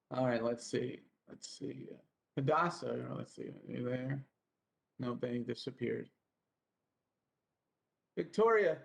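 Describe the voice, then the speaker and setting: A man's voice: mid-range voice, creaky. A man leading an online devotional lesson for children over a video call, patiently spelling words out letter by letter.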